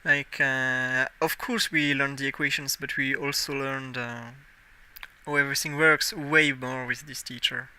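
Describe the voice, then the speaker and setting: Unhurried and fairly even in intonation, this medium-pitched voice sounds sharp, clear, and resonant. It belongs to a native French speaker in his twenties with a French accent who chats casually on a live game stream, thinking aloud and self-correcting as he plays.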